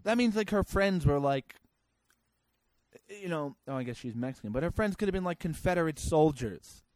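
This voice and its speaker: A man's voice: a little high, expressive, normal speed, darkish tone, dry recording. A man hosting a comedy show, reading out news stories and ranting about them in a sarcastic, crude way. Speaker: podcast host.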